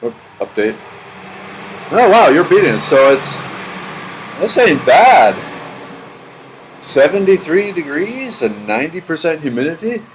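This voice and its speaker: Reading his chat, a middle-aged livestream host rambles and repeats himself as he replies to viewers. He speaks a little slowly with long pauses, in a slightly high voice with big pitch swings, and there's some hiss or hum.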